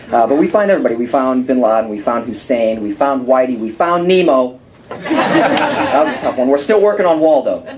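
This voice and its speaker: Teen boy doing deadpan stand-up. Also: mid-range voice. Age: teens. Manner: deadpan one-liners with some stammering. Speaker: stand-up comic. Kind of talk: stand-up comedy set. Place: comedy club stage. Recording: live club with loud crowd and noise.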